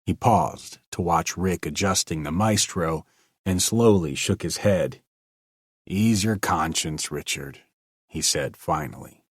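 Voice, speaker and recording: Deep, slow, husky male storyteller. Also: no echo, clean studio sound. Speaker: narrator. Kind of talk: old-time radio story reading.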